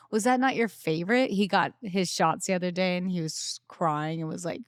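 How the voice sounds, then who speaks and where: A woman's voice: moderate pace, clean tone, no echo, clean studio sound. A woman in her thirties, a podcast host and mother, chatting casually and laughing often as she acts out her children's voices. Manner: animated, laughs often, acts out her kids in high squeals.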